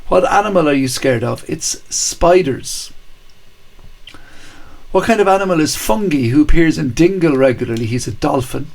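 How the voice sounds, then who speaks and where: A man's voice: a little high, gravelly, a little mellow. A man hosting a live-streamed kids' quiz, reading out questions and answers with chatty, jokey asides. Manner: chatty, cheerful, jokey asides to young viewers. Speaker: quiz host.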